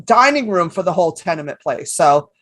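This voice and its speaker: A woman in her fifties, a comedian guest on a podcast, telling stories in a lively way and swearing freely. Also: on the low side, a little fast, dry recording. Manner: animated storyteller, swears freely. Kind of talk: casual podcast chat.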